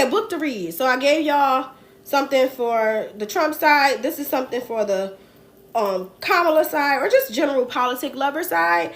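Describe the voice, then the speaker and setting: A high-pitched woman chatting casually on a political livestream. She rambles from point to point and talks to her viewers in loose, dialect-flavored speech.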